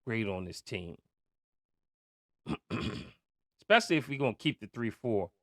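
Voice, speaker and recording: A man rants with profane heat, spiking into loud outbursts and then dropping to a mutter. His pace is slow and drawn out. The sound is dry, with no room echo. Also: fairly low pitch, sing-song. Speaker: podcast host. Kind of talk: angry fan rant.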